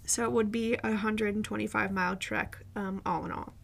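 A woman's voice: mid-range voice, fairly even intonation, a little fast, creaky, fairly bright tone, slight background noise. A woman co-hosting a podcast, telling a story in casual chat, rambling with frequent ums and restarts. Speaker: podcast co-host.

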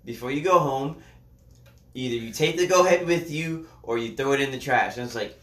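A man's voice: medium pitch, brisk, fairly bright tone, distant mic. A young man in casual chat with friends, telling a rambling anecdote and acting out the quotes. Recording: echoey room.

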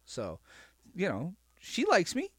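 A man's voice: high-pitched, wildly swooping pitch, takes it slowly, slightly rough, dry recording, clean studio sound. A man co-hosting a podcast, joking in a playfully brash way about being the show's heel. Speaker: podcast co-host. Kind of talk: casual podcast chat.

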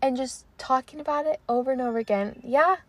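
Young woman podcast host, fairly high voice, dry close sound, chatty and animated. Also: a little fast, no echo. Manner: chatty, animated, lots of likes and trailing off. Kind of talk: casual chat.

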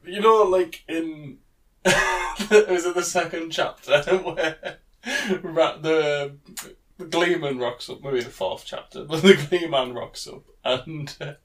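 A man's voice: on the high side, slow, fairly bright tone, recorded from a distance. A man co-hosting a casual book-discussion podcast, laughing often and swearing in loose banter. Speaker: podcast co-host.

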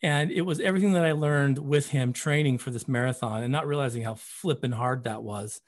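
A man, a running coach, telling stories as a podcast guest in an animated way, often repeating words as he gets excited. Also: mid-range voice, fairly quick. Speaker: running coach and program founder.

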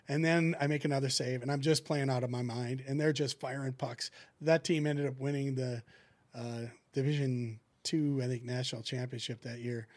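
Man, middle-aged, former goalie, chatty storyteller, mid-pitched voice, acts out the voices in his anecdotes. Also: moderate pace. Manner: animated anecdotes, acting out what people said. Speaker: guest, former hockey goalie who coaches goalies. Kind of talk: casual storytelling in a podcast chat.

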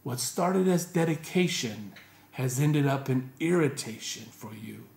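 A male pastor preaching a sermon in an animated, conversational way, with rhetorical questions to the congregation. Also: medium pitch, measured pace, vocal fry. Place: church. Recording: echoey church room.

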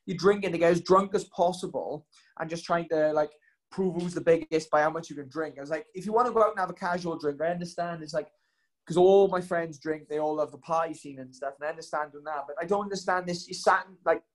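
A man's voice: on the high side, fast. A young man telling stories in casual chat, rambling with lots of ums and likes.

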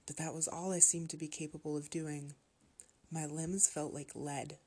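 Woman narrator, horror story reading, low voice, husky, steady and measured.

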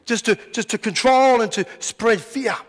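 A man preaching a sermon as pastor, telling stories in an animated way and acting out the scenes. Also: very high voice, normal speed. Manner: animated storytelling, acts out scenes. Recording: long hall reverb.

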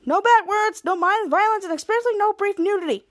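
A woman's voice: very high-pitched, a little fast, pitched above the performer's own voice. A woman voicing an overbearing, goofy adult male superhero who lectures in a fussy, parental way. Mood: bossy, chipper.

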